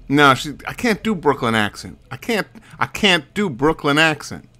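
A man's voice: on the high side, very animated, normal speed, few pauses, bright, forceful tone. A man with a Southern US accent doing casual, playful let's play commentary, stumbling over words and mocking himself. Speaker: let's play host reading a game aloud.

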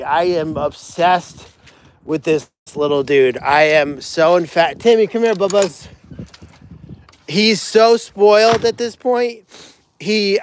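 A man's voice: high voice, a little hiss or hum. A man hosting a casual live stream from a barn, chatting to viewers and cooing baby talk to the animals. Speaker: animal sanctuary livestream host.

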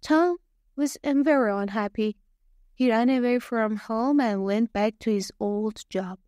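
A woman narrates a simple story with slow, deliberate care, spacing each word so learners can follow. Her voice sits a little high. It is recorded close and dry, with no room sound. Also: a little mellow, no room sound. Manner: slow, careful, clearly spaced reading.

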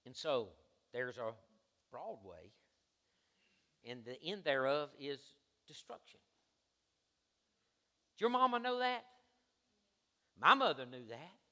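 A man preaching a sermon as pastor, swinging between hushed asides and loud, soaring exhortation. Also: medium pitch, very animated, takes it slowly, long pauses. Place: church sanctuary. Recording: reverberant church sanctuary.

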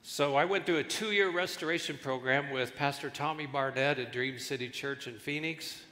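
A male guest pastor preaching a sermon with animated delivery and jokes, in a large church hall. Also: on the high side, moderate pace. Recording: echoey church hall with long reverb.

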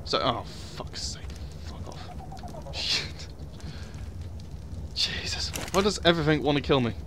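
A man's voice: a little high, expressive, measured pace, noisy background. A young man giving casual, sweary commentary over a survival game, muttering asides to himself. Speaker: gaming video host.

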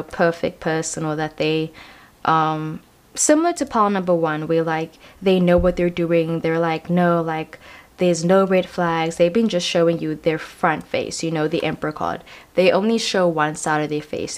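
A young woman giving a casual tarot card reading, chatty and reassuring, often saying "you know" and "um". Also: lowish voice.

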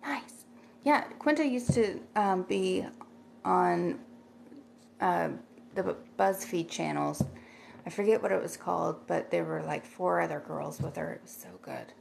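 A woman's voice: on the low side, measured pace, gravelly, a little mellow, a little hiss or hum. A middle-aged woman chatting casually on a livestream, rambling and thanking viewers by name as she reads their comments.

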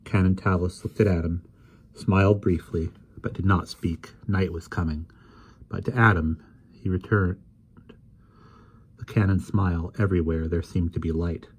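A man reading a novel aloud in measured, unhurried narration. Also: low voice, fairly even intonation, darkish tone, breathy edge. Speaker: audiobook reader.

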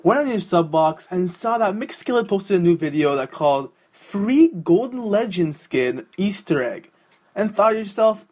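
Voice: mid-range voice, big pitch swings, normal speed, a little mellow. Profane, mocking young gaming commentator. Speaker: gaming YouTuber.

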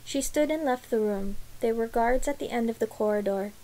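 A woman reads a novel aloud in a measured, quiet way. Her voice sits a little high and even, unhurried from line to line. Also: low-quality recording. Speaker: audiobook reader.

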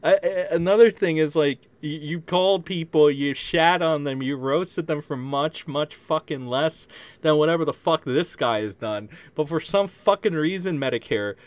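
A man's voice: a little high, normal speed, no room sound. A man doing casual reaction commentary on a call, swearing freely and mocking with laughing asides. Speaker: commentary streamer.

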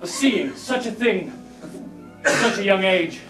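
A man's voice: sits high, lively intonation, a little slow. An actor on a live stage playing a grief-stricken, talkative male mime who tells his story in a theatrical, overwrought way. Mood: melodramatic. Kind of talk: live sketch comedy performance. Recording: echoey live stage audio from far off, loud music and audience laughter.

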